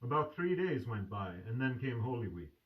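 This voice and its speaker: A man reading a classic novel aloud as a storyteller, slow and full of feeling. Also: mid-range voice, big pitch swings, lo-fi sound. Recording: distant mic.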